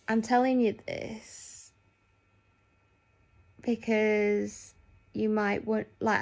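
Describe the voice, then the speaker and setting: A woman's voice: medium pitch, vocal fry. A young woman chatting casually in a vlog, rambling with lots of fillers. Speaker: nurse.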